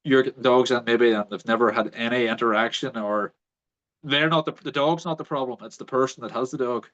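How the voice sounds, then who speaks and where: A man's voice: medium pitch, fairly quick. A man, hosting a podcast and telling a story in casual chat, acting out the people he quotes. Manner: animated storyteller, acts out quoted voices. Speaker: podcast host. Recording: dull lo-fi audio.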